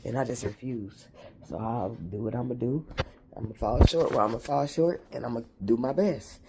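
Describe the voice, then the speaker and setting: Gravelly-voiced man venting about faith. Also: mid-range voice, normal speed, background noise. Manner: reflective, repetitive, street-slang religious talk. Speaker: vlogger. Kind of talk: emotional spiritual venting monologue.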